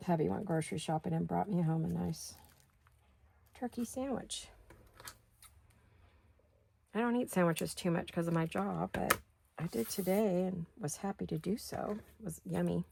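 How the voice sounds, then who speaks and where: Woman host, middle-aged, lowish gravelly voice, casual craft-along chatter, thinks aloud. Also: normal speed, long pauses, mellow.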